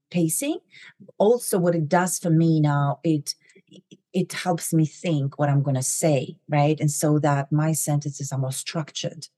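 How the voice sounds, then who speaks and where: A middle-aged woman with a foreign accent, hosting a motivational talk. She talks fast, swallows word endings and keeps tagging on "right?" and "you know". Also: sits low, dark tone, no echo. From immigrant to the US. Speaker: podcast host.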